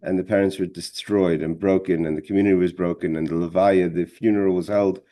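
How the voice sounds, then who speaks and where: Low, mellow male Torah teacher. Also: steady tone. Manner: halting, repeats words, many fillers. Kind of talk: storytelling in a religious class.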